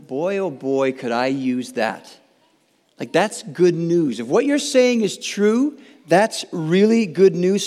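A high-pitched male pastor gives an earnest, chatty sermon, circling back on his phrases and checking in with listeners. His voice rings out with a long reverb tail from a big church sanctuary. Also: darkish tone. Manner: earnest, chatty, with frequent restarts and tag questions. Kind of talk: conversational sermon. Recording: long reverb from a large hall.

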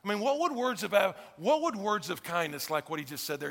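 With a high, bright, gravelly voice, a male pastor preaches in a sing-song, fairly quick way with hardly any pauses. His sermon stays conversational as he fires question after question at the congregation, each phrase trailing a long church reverb.

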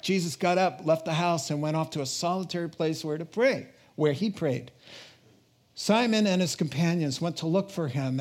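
Slow, animated male pastor preaching. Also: a little high. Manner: animated, jokes with congregation, laughs often. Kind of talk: sermon.

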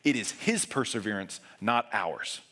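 Guy preaching a sermon, bright ringing voice, earnest, goes quiet and low for the big points. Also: animated, unhurried. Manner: earnest, swings between raised urgent passages and hushed low emphasis. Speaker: pastor.

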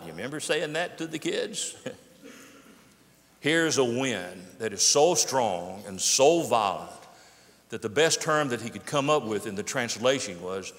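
A man's voice: mid-range voice, lively intonation, fairly bright tone. Preaching man in a reverberant hall. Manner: preacherly, rising emphasis and slow repeated key phrases. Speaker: pastor. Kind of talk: sermon.

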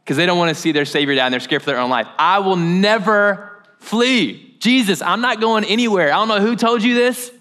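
A man voicing a boastful, overeager young male disciple with a brash, raised, drawn-out voice. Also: sharp tone. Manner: brash, high-pitched and drawn out.

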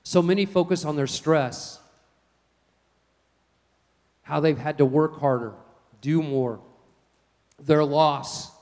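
A man's voice: on the high side, takes it slowly, long pauses. Man preaching in a reverberant hall. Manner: storytelling, animated and folksy. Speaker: pastor. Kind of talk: sermon.

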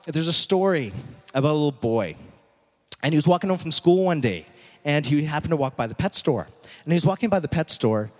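A man giving a sermon as a pastor, telling a story slowly and emphatically, dropping at times to a near whisper. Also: mid-range voice, a little mellow. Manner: dramatic storytelling, slow emphatic pauses, drops to near whisper. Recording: echoey hall.

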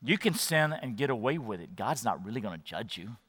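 A man voicing a sly, tempting male devil in a low, hushed murmur during a sermon. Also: big pitch swings, brisk, husky, long reverb tail. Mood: sly, coaxing.

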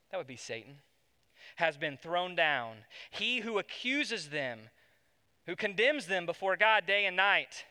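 A pastor preaching a sermon to his congregation, swinging between loud emphasis and hushed tones. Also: on the high side, smooth. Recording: long hall reverb.

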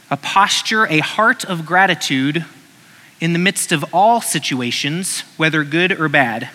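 A man's voice: a little high, pushed and bright, long reverb tail. A man preaching a sermon in a conversational way, reading scripture and acting out short voices.

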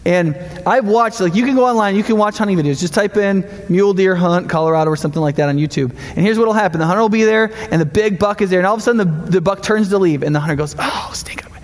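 A middle-aged male pastor preaching a sermon in a lively, conversational way, full of rhetorical questions. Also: high voice, quick pace, hardly any pauses, big-room sound.

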